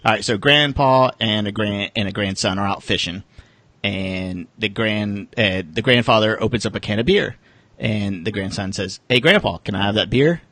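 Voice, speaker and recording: A man's voice: lowish voice, steady tone, moderate pace, fairly bright tone, dry recording. A man co-hosting a fantasy football podcast, telling jokes and chatting loosely. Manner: joking, loose storytelling. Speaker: podcast co-host. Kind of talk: casual podcast banter.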